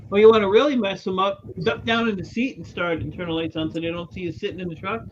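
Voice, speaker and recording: Casting: high male voice, blunt teasing caller, muffled lo-fi line. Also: steady tone, fast, noisy background. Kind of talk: casual chat.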